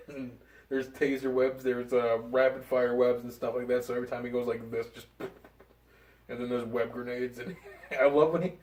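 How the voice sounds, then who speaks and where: Excited young guy reviewing a movie, roomy. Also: medium pitch, normal speed, recorded from a distance. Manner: excited, rambling with fillers and laughs. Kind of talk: casual chat. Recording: roomy, from off the mic.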